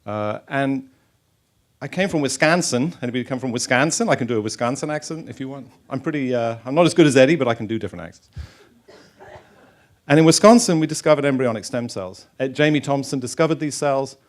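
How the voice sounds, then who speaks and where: A man's voice: mid-range voice, quick pace. Chatty middle-aged man giving a science lecture. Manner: informal, chatty, many fillers and restarts. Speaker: stem cell researcher giving a talk. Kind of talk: public science lecture with slides. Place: lecture hall.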